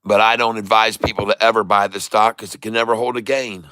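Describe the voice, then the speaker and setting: A man's voice: fairly low pitch, flat delivery, a little fast, sharp tone, smooth. A middle-aged man giving casual livestream stock commentary as a day-trading streamer, emphatic and repetitive, often laughing and calling his viewers folks.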